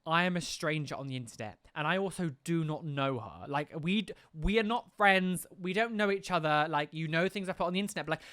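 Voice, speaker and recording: A man's voice: a little high, expressive, a little fast, few pauses, a bit bright, no echo, clean studio sound. A man talking candidly to camera as a YouTuber, exasperated and swearing freely in casual chat.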